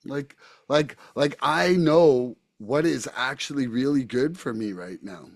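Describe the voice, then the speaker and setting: Man, podcast host, candid, casual, restarts words, mid pitch. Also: unhurried, creaky. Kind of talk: recovery podcast conversation.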